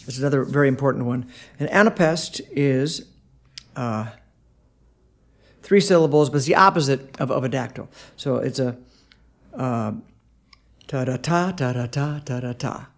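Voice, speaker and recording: A man giving a casual video lesson on songwriting, halting with many fillers and sounding out rhythms as syllables. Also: medium pitch, expressive, vocal fry. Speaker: songwriting teacher.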